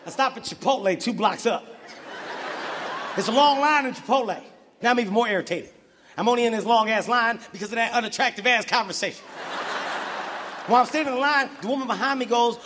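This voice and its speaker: High-voiced man doing live stand-up. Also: fast, a crowd in the background, noisy background. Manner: profane, shouty, animated storytelling. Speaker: stand-up comedian. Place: large live venue. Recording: live venue with reverb and audience. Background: audience laughter.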